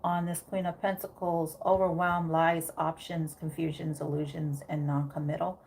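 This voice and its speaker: A woman's voice: sits low, little pitch movement, moderate pace, vocal fry, a little mellow, a little hiss or hum. A woman giving a casual tarot reading, thinking aloud with many fillers and frequent "okay?" check-ins. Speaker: tarot reader.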